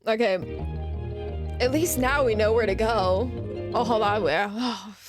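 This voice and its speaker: A young woman streamer reacts to a game, ranting and laughing with casual, profane commentary while game music plays in the background. Her voice is on the high side and she speaks slowly.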